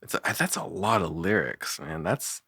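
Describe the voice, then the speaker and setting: Man, young, very low pitch, dry recording, casual rambling commentary, filler-heavy. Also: lively intonation, normal speed, a bit bright, slightly rough, dry recording. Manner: rambling, self-deprecating, frequent fillers and laughs. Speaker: musician reviewing his own songs.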